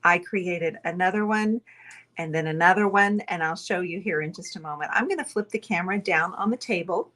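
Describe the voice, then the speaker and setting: A woman's voice: lowish voice, fairly quick, a bit bright. A woman hosting a casual live painting stream, talking chattily and rambling to viewers while she sits close to the camera at a table indoors. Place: indoors at a table, away from usual setup.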